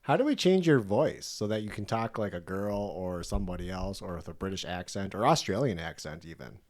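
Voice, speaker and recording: A man's voice: sits low, expressive, fairly quick. A man co-hosting a podcast in casual chat, playful and teasing. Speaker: podcast co-host.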